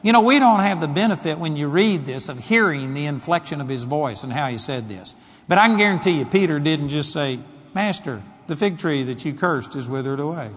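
A man preaching a sermon as pastor, dramatic and emphatic, swinging between quiet and loud delivery. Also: a little high, expressive, brisk, big-room sound.

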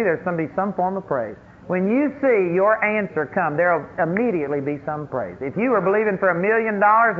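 A man preaching a sermon as pastor, emphatic and quick to act out the voices of complainers. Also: high voice. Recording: tinny phone-like radio broadcast, faint noise.

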